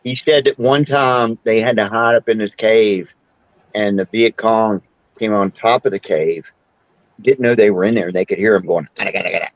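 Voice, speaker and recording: A man's voice: fairly low pitch, moderate pace, dry recording, highs cut off. A man in his sixties, hosting a casual chat and telling rambling stories with frequent laughs. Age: 60s. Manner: rambling storyteller, laughs often. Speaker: podcast host.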